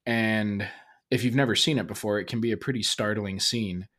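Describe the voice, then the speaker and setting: A man's voice: lowish voice, fairly even intonation, normal speed, a bit bright. A man in his thirties hosting a casual solo podcast, telling a family story in a rambling way with restarts and fillers. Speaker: podcast host.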